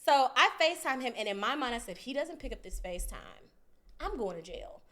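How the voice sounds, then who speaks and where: A woman's voice: fairly high pitch, very animated, a little fast, a bit bright. A woman co-hosting a podcast, telling a story in a casual, profane way and acting out both sides of the argument. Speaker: podcast co-host.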